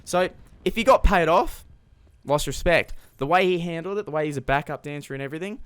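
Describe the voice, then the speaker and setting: A man's voice: a little high, fast talker, a bit bright, clear, resonant tone, dry recording. A man giving a blunt, heated rant on his vlog, full of casual filler words. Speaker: YouTube commentator.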